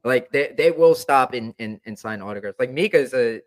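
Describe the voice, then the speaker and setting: A man's voice: mid-range voice, expressive, moderate pace. A young man chatting casually as a hockey fan, rambling with lots of fillers. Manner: rambling, many fillers and restarts. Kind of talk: casual chat.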